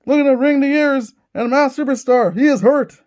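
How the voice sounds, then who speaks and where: A man's voice: extremely high pitch, moderate pace, darkish tone. A man hosting a tabletop wrestling game, giving eager play-by-play commentary and repeating each move as he calls it.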